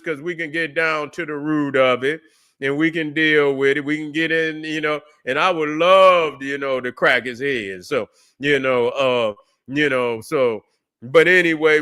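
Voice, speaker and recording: Sharp and clean, his voice sits a little high. Hosting a livestream, he rants casually in a loose, profane, mocking way, stumbling through plenty of fillers and restarts.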